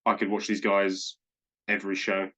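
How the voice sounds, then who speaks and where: A man co-hosting a podcast in casual chat, enthusiastic and quick to act out little asides. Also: low voice, completely flat delivery, sharp tone. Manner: enthusiastic, talks in bursts with quick acted-out asides. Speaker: podcast co-host.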